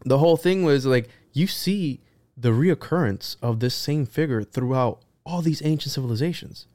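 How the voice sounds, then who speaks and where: A man chatting on a podcast, telling stories in a rambling, profane, animated way. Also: medium pitch, moderate pace, dry recording. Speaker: podcast guest. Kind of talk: casual podcast chat.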